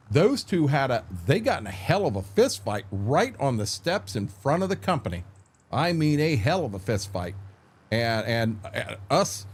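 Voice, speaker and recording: An older American man streaming a game and telling salty army stories in a casual, profane way. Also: on the high side. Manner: profane, animated war-story telling.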